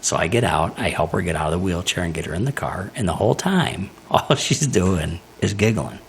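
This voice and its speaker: A man's voice: low voice, a little fast, gravelly, slight background noise. A man hosting a casual podcast, telling a family story with lots of laughter. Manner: animated storyteller, laughs often. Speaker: podcast host.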